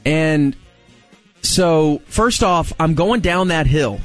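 Male host in his forties, animated storyteller who acts out the voices. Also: slow pace, soft background music. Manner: animated, acts out quotes with big pitch jumps. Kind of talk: casual storytelling chat.

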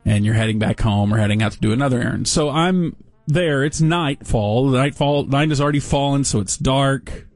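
A man telling a story on a casual talk show, wry and deadpan, with dry sarcasm. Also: mid-range voice, brisk, hardly any pauses, no echo, faint music behind.

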